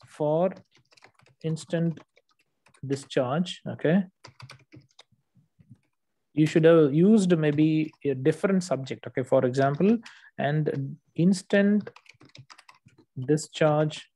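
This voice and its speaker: Patient male tutor, dark mellow tone. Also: a little high, takes it slowly, long pauses. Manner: patient, explanatory, frequent "okay" checks. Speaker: English test tutor. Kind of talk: one-on-one correction lesson.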